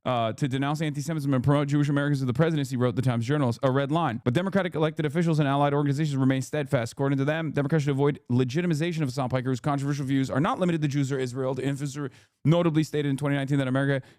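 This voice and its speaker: A man's voice: medium pitch, fairly even intonation, darkish tone, no room sound, clean studio sound. A man on a live stream, reading an article aloud and stopping to react to it. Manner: reads quickly, breaks off to react.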